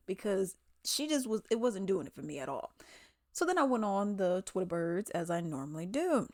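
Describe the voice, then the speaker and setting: A woman's voice: lowish voice, lively intonation, fairly quick, no echo, studio quality. A woman in a casual, chatty commentary vlog, talking in slangy asides. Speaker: commentary vlogger. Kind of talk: casual chat.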